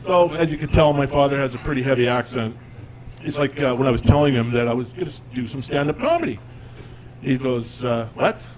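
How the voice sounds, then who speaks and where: A man's voice: medium pitch, a little fast, a little hiss or hum. A man in his forties performing a stand-up comedy routine on stage, with a conversational, self-deprecating delivery. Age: 40s. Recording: live audience in a comedy club.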